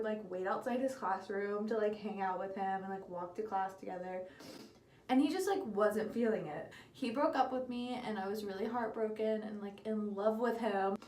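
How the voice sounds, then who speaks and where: A woman's voice: medium pitch, moderate pace, reverberant, a little hiss or hum. A young woman casually telling a story while doing her makeup, candid and giggly, swearing freely. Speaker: beauty vlogger.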